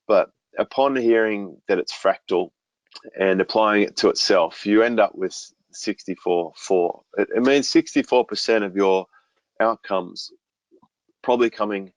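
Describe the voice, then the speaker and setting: Low deep guy chatting on a podcast, laid back, tells lots of little stories, dry close sound. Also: dry recording, low-quality recording. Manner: relaxed, storytelling with homely analogies. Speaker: business coach guest. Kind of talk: conversational podcast interview.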